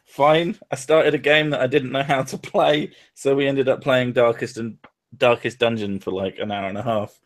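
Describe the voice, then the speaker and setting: A man's voice: mid-range voice, steady tone, moderate pace. A man in casual stream chat with a dry, sarcastic manner.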